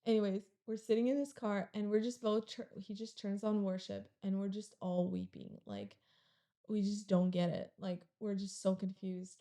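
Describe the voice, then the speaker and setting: A young woman recounts a hard personal story as a guest on a chat show. Her voice is low in brightness and mellow, with a lot of vocal fry, and she talks in a rambling way, leaning on "like" as she goes. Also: expressive, moderate pace. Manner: rambling, heavy use of "like". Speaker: podcast guest.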